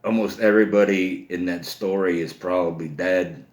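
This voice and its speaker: A man's voice: deep voice, steady tone, normal speed, a little mellow. A middle-aged man, telling an old story in a casual, rambling way, full of "you know.". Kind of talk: casual spoken anecdote. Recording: roomy echo.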